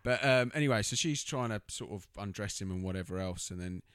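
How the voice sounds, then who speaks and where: A man's voice: fairly low pitch, fairly quick, a bit bright, clear, resonant tone, no echo. A man in casual podcast chat, blunt and laughing as he swears freely. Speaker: podcast co-host. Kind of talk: casual film recap chat.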